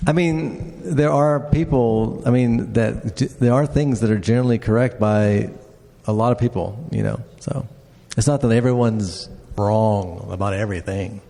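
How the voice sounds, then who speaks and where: A man's voice: on the low side, normal speed, vocal fry, few pauses, dark tone. A man who created a treasure hunt, answering audience questions with a hesitant, repeating manner and some laughter. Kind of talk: live Q&A answers. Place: large convention hall. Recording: echoey convention hall reverb.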